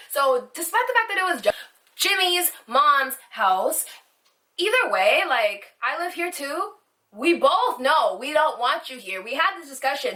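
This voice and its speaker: Young woman vlogger, high and bright, swearing her way through a fired-up storytime, sitting a little off from the mic. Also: sing-song, moderate pace, far from the mic. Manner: rambling, heated, swears constantly. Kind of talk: storytime vlog. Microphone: phone camera.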